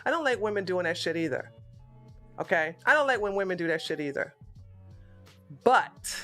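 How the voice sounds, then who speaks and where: A woman hosting her own political stream, talking back at a clip in a loose, profane way. Her voice is bright and forceful, and faint music plays under her. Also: fairly low pitch. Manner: blunt, animated, swears freely. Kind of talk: casual profane commentary.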